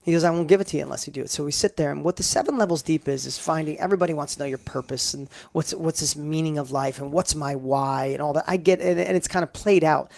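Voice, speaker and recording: Middle-aged male interview guest: quick, gravelly, fairly high voice, piles on emphatic repeated phrases. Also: darkish tone. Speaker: guest entrepreneur. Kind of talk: conversational storytelling interview.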